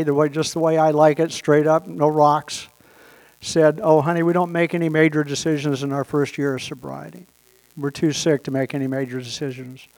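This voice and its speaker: A man's voice: fairly high pitch, a little mellow. A man telling a long personal story with wry humor, briefly quoting other people as he goes. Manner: wry, anecdotal, quotes people in brief voices. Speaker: speaker sharing his story at a recovery meeting.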